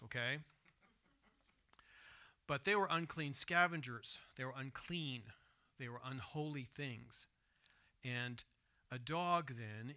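A man preaching a sermon in church, swinging between hushed, soft retelling and loud, emphatic asides, and asking his listeners direct questions. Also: medium pitch. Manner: asks the congregation direct questions. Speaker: pastor. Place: church sanctuary.

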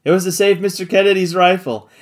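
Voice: medium pitch, steady tone, fast, natural voice. A reader voicing a loyal, plucky young manservant in an audiobook, eager and cheerful in manner. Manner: eager, cheerful, cool under danger. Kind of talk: audiobook character voice.

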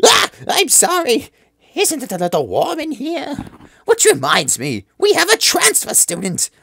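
A man doing a high, sleepy bird teacher. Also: huge pitch swings, measured pace, creaky, sharp tone, no echo, clean studio sound, full character voice. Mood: drowsy. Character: sleepy absent-minded male quail teacher. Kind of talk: voicing game dialogue.

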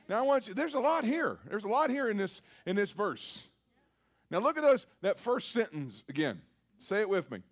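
A man preaches a sermon to a live congregation. His voice sits very high, and he delivers his points emphatically, calling on the congregation to answer back. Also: sing-song, normal speed, long pauses. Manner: emphatic, call-and-response preaching. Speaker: pastor. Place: church service.

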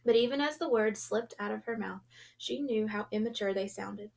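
A woman reading a children's novel aloud in a gentle storytelling manner, going soft and hushed at tense moments. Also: mid-range voice, moderate pace, creaky. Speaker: audiobook reader.

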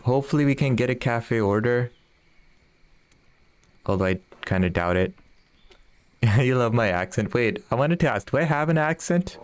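A man's voice: medium pitch, lively intonation, moderate pace, pauses often, smooth. A man chatting casually with viewers while streaming a fishing game, often laughing and reading their messages aloud. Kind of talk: casual live-stream chat.

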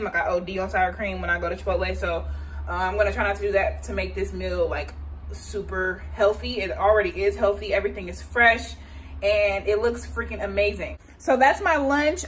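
A young woman athlete talking viewers through cooking a meal in her home kitchen. She chats in a relaxed, slangy way and speaks straight to the camera. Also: medium pitch, a little hiss or hum, rough recording. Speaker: vlogger and athlete. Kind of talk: casual cooking vlog narration. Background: faint frying and sizzling.

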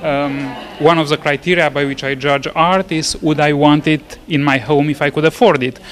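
A man visiting an exhibition answers interview questions in a measured, polite, thoughtful way. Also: fairly high pitch, fairly even intonation, fairly bright tone. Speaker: guest at an exhibition. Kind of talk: casual interview. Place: art gallery opening.

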